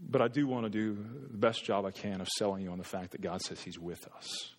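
A man's voice: fairly low pitch, a little fast. Man preaching in a reverberant church. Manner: earnest, conversational preaching with frequent restarts. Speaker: pastor. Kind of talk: sermon. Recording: long reverb in a hall.

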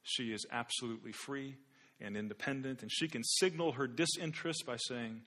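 Guy pastor preaching, bright clear tone, earnest storytelling, repeats a word now and then. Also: medium pitch, normal speed. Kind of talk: sermon with story illustration.

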